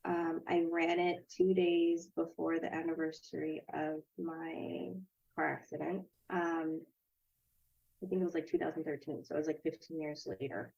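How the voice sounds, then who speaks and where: A woman in her thirties, a podcast guest, telling a personal story in a casual, animated way, acting out quoted voices and laughing often. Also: deep voice, moderate pace, gravelly, muffled recording.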